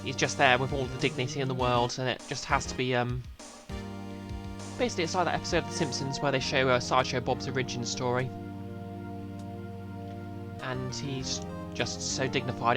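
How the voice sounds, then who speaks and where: Low-voiced woman streamer chatting over games. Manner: chatty, joking asides. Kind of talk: casual game commentary. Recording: loud game music behind.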